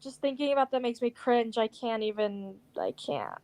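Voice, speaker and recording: A woman's voice: on the high side, big pitch swings, moderate pace, darkish tone, no echo, rough recording. A woman in her twenties telling a story in casual chat, full of "like"s and acted-out quotes. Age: 20s. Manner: chatty, many "like"s, acts out quotes. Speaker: co-host.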